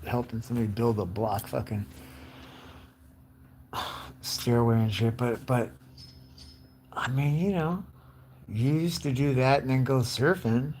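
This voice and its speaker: A man in his late forties ranting in a casual, profane, rambling way, often breaking into loud mimicked voices. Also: medium pitch, measured pace, long pauses, slight background noise. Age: 40s. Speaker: live streamer.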